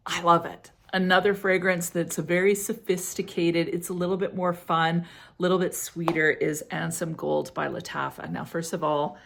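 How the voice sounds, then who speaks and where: Brief: middle-aged woman, relaxed review chatter, slightly low, gravelly fry, giggly and effusive. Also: moderate pace, background noise. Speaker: fragrance reviewer. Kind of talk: casual product review.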